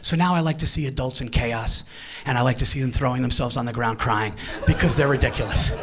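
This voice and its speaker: A man doing a stand-up comedy set in a live venue, brash and profane, shouting his punchlines. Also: mid-range voice, a little fast, breathy edge.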